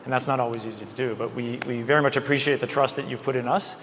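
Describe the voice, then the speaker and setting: A man's voice: medium pitch, flat delivery, fast talker, fairly bright tone, in a large hall, slight background noise. A man hosting a panel interview, upbeat and conversational, asking questions and adding his own views. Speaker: host and interviewer.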